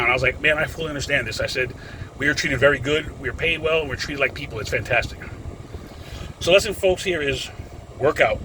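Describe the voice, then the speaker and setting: A man's voice: mid-range voice, sharp tone, slight background noise, poor audio. A man in his thirties ranting casually to the camera outside a gym, rambling and calling his viewers folks. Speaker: vlogger.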